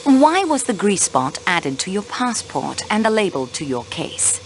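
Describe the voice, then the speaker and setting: An actress playing a young railway clerk turned investigator in a mystery video game, polite but insistent in questioning. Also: female voice, mid-range voice, sing-song, unhurried, slight background noise, rough recording. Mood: poised, probing. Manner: poised, probing, politely insistent.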